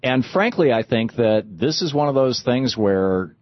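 A man's voice: mid-range voice, expressive, a little slow, no echo, dull audio. A man hosting a talk show, chatting about politics in a rambling, conversational way with many fillers and restarts. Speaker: talk radio host. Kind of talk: casual political commentary.

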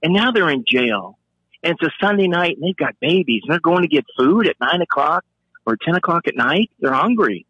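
A man, a former police officer and Marine, telling a profane story in an animated way and acting out the voices he quotes. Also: brisk, breathy edge, no echo, dull audio. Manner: profane, acts out quoted voices with sharp pitch jumps.

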